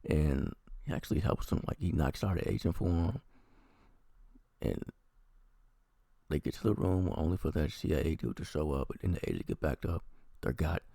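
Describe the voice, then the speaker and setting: Guy with a super deep gravelly voice rambling thru a tv recap, swears a lot, lively up and down delivery. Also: normal speed, pauses often, no room sound, clean studio sound. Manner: rambling, profane plot recap. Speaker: TV review vlogger. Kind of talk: casual episode review.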